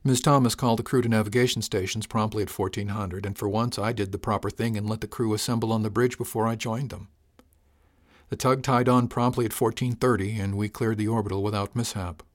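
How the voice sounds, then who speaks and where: A man narrating a first-person audiobook in a calm, measured, unhurried way. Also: lowish voice.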